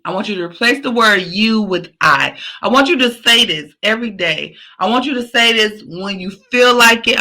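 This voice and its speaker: A woman's voice: mid-range voice, sharp tone, rough recording. A woman hosting a podcast, giving a repetitive, emphatic pep talk in a casual, slangy, sometimes profane way. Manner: emphatic, repetitive, preachy encouragement. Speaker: podcast host. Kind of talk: motivational podcast sign-off.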